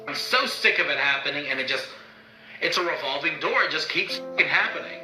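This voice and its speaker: A man's voice: a little high, expressive, brisk, bright, forceful tone. A man vlogging to his own camera in a bitter, heated rant, swearing often. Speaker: YouTuber. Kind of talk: angry vlog rant. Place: indoors, talking to own camera. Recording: roomy echo, faint music.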